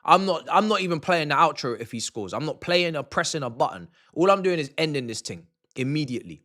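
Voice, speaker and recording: A young man, ranting and exasperated while streaming a football watch-along, swinging from shouts to grumbling mutters. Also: on the high side, very animated, a little fast, few pauses.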